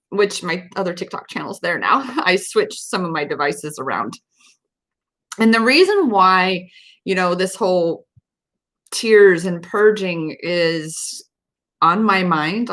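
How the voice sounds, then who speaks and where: A woman's voice: medium pitch, a bit bright. A woman hosting a live stream as a self-empowerment coach, talking casually and earnestly, with many fillers and repeated words. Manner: earnest, emphatic, with fillers and repetitions.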